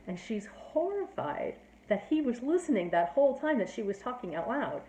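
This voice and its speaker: A woman's voice: a little high, big pitch swings, normal speed, warm tone. A woman giving a casual, chatty plot summary as a teacher, filling her talk with "like" and "you know". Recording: roomy echo.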